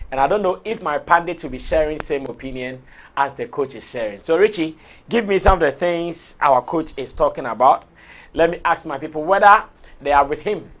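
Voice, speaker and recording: A man with a Ghanaian accent hosting a live entertainment talk show, his voice hoarse, talking in an excitable, expressive way and laughing often. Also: a little high. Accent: Ghanaian English. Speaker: show host.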